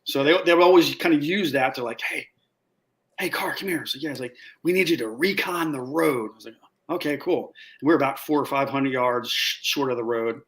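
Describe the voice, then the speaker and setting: A man guest telling a casual, animated story with laughs, acting out what others said. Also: mid-range voice, brisk. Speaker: guest, former Marine sniper.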